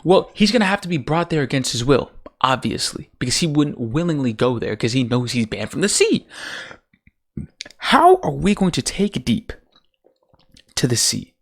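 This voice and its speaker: Man, ranting commentator, swears a lot, rises and falls a lot in pitch, exasperated. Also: lively intonation, a little fast, few pauses. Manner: profane, exasperated, rhetorical. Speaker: TV show commentator.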